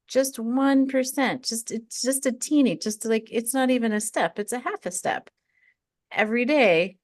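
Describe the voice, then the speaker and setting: A woman's voice: medium pitch, dry recording, clean studio sound. A woman hosting a casual podcast chat, thoughtful and encouraging, rambling a little as she talks. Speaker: podcast host.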